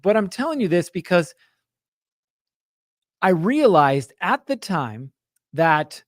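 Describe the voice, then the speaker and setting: A high-pitched man who takes it slowly hosts a show for contractors, telling his audience a casual story with acted-out quotes and frequent "right?" check-ins. He's from Utah, animated in manner, and recorded dry with clean studio sound.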